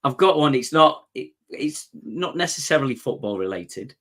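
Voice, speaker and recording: A man co-hosting a casual football podcast, blunt and animated, laughing often. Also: medium pitch, normal speed. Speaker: podcast co-host.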